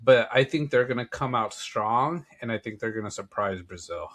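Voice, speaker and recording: Male co-host, casual sports banter, easygoing delivery, mid-pitched voice. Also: expressive, normal speed, fairly bright tone. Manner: easygoing, frequent "yeah" and restarts. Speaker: podcast co-host.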